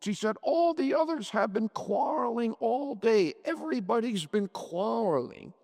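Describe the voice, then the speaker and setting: A man voicing a distraught, anxious housewife in a dramatic story reading, pleading and pitched up. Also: lively intonation, a little slow, darkish tone, big-room sound, full character voice. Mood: sobbing.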